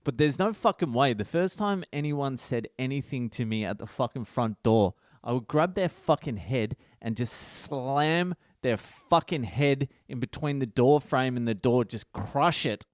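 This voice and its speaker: A middle-aged man hosts his own comedy podcast, barrelling through a story with constant swearing and gleeful exaggeration. His voice sits at an ordinary male pitch and sounds dry, with no room echo. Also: animated, measured pace, hardly any pauses. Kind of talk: profane comic storytelling monologue.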